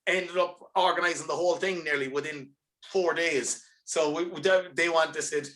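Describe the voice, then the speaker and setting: An Irish man, a band's lead singer, chatting as a guest on a podcast and telling animated, rambling stories with many restarts over earphones on a video call. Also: a little high, a little fast. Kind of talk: casual podcast chat.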